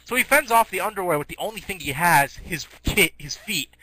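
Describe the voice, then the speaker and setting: A man's voice: high-pitched, animated, fairly quick, noisy background. A teenage boy telling a rambling comic story, giggly, restarting often.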